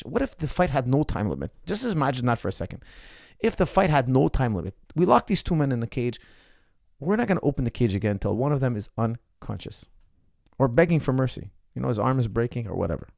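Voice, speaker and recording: An MMA coach breaks down a fight in a casual podcast style, animated and emphatic, hammering his points home by repeating them. His middle-pitched voice carries a gravelly edge, and the recording is dry and close with no room sound.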